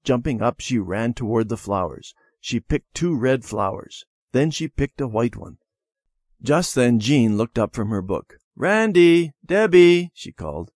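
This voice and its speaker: A man reading a children's story lesson in a measured storybook manner. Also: mid-range voice, darkish tone, breathy edge, no room sound. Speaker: reader. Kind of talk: scripted narration of a children's lesson.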